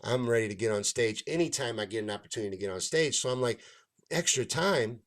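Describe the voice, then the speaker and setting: Talking very fast in a lowish voice, a comedian tells a long story in a loose, profane rant. The stand-up and show host stays animated, acting out the dialogue of those involved.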